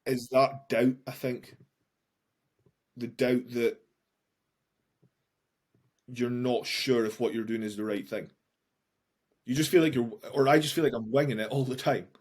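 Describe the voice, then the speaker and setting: A man's voice: mid-range voice, steady tone, a little slow, pauses often, a little mellow, breathy edge. A man who works as a coach, a guest on a podcast, talks openly about his anxiety. He speaks frankly, swears freely and often restarts his sentences. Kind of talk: candid podcast conversation.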